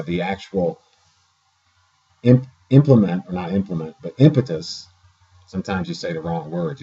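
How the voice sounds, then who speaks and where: A man's voice: sits low, warm tone, husky. A man talking casually to his camera in a vlog, rambling and correcting himself often, with many fillers, recorded on a dull lo-fi camera mic indoors. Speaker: vlogger.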